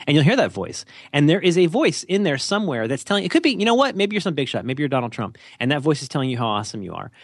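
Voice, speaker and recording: A medium-pitched man talks fast as a podcast co-host, animated and jokey, rambling and often cutting himself off. The sound is clean studio audio with no room sound.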